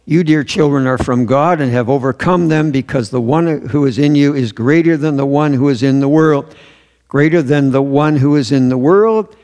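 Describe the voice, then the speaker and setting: A man's voice: mid-range voice, moderate pace, a little mellow. A man preaching a sermon in a church, earnest and emphatic, repeating his key phrases. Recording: long hall reverb.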